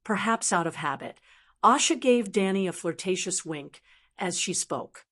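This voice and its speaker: A woman's voice: medium pitch, lively intonation, unhurried, a bit bright. Woman narrating an audiobook.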